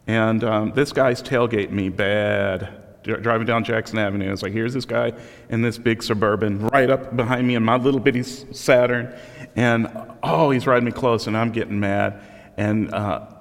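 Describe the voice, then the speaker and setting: A man delivers a sermon in a relaxed, conversational way, poking fun at himself. His voice sits at an ordinary middle pitch. The sound rings out with the long reverb of a church sanctuary. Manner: conversational, self-deprecating storytelling. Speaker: pastor.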